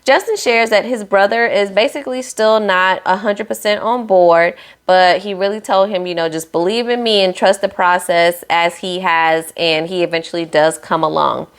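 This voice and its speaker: A woman's voice: mid-range voice, moderate pace, few pauses, clean tone. A woman recapping a reality show in a chatty, sassy way, with playful asides to her viewers.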